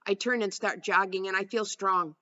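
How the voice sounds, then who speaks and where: A woman narrating a first-person novel aloud with a steady storytelling delivery. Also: mid-range voice, moderate pace, highs cut off. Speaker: audiobook narrator.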